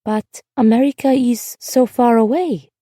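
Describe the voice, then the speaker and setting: A woman narrator voicing a timid, earnest ten-year-old girl who speaks hesitantly and slowly. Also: a little high, fairly even intonation, warm tone, dry recording, studio quality, pitched above the performer's own voice. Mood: shy, tentative. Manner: hesitant, slow and careful.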